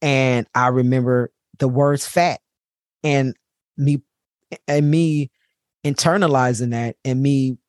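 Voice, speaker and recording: A man's voice: medium pitch, fairly even intonation, slow pace, long pauses, dry recording, studio quality. Candid man telling a heartfelt story. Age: adult parent. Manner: candid and heartfelt, repeats words for emphasis. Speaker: podcast host. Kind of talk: personal storytelling monologue.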